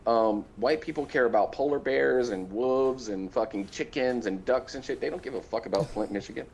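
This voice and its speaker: A man's voice: mid-range voice, fairly quick, creaky, a little mellow. A man co-hosting a casual podcast, blunt and opinionated, ranting in slang. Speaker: podcast co-host. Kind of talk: casual chat.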